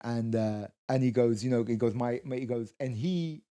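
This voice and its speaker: Telling a lengthy tale on a podcast he co-hosts, this man keeps restarting, slips into quoted voices, and swears along the way in relaxed storytelling chat. His voice is mid-range and mellow, at a moderate pace.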